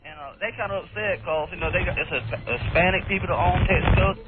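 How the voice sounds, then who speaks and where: Hesitant Southern man on a phone line. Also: sits high. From South Carolina. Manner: hesitant, halting. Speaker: caller. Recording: tinny phone line, faint music.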